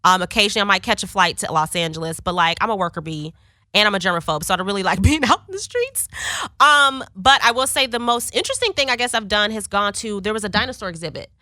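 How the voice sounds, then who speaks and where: A woman guest talks through a relaxed interview, telling stories in a bright, forward tone. Her pitch swings up and down freely, and she breaks into laughter often. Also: fast, no room sound, clean studio sound. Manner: laughs often, animated storyteller. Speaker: actress guest. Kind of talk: casual interview chat. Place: office.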